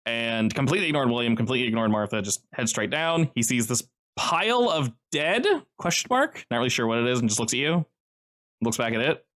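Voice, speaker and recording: A man's voice: mid-range voice, expressive, a little fast, fairly bright tone. A man narrating as game master, casual and loose, with lots of fillers.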